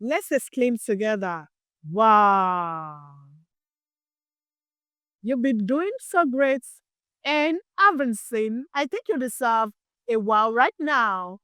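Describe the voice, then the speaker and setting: A woman teaching young children the Arabic alphabet, drawing out each letter sound and praising them often in a gentle, encouraging way. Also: a little high, lively intonation, a little slow, no room sound, studio quality.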